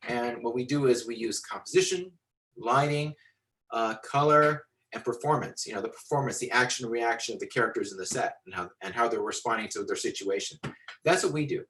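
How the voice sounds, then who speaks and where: A man teaching storytelling to visual artists, animated and rambling with many fillers and restarts, talking into a computer on a video call. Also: mid-range voice, a little fast, rough recording. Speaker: storytelling instructor. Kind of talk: lecture with acted-out anecdote.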